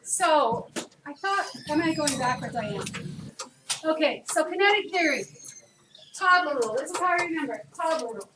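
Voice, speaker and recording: A woman chemistry teacher lecturing a class, chatty and lively, often asking students questions. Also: high-pitched, moderate pace. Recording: echoey room, distant, noisy.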